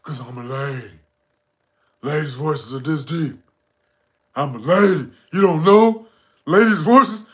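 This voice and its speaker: A man voicing a robot who insists she is a lady, speaking in a low, drawn-out, proud and defensive voice. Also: lightly acted. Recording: dull lo-fi sound.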